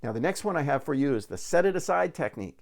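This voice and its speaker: A man's voice: a little high, animated, fast, vocal fry. A man giving a recorded real estate sales training talk, telling folksy stories and repeating words as he restarts.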